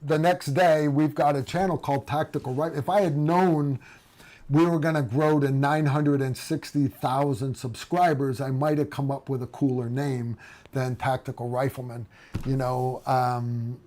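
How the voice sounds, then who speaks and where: A man's voice: mid-range voice, steady tone, moderate pace, a little mellow. A man in his forties hosting a casual livestream, rambling with lots of fillers and restarts. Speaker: host.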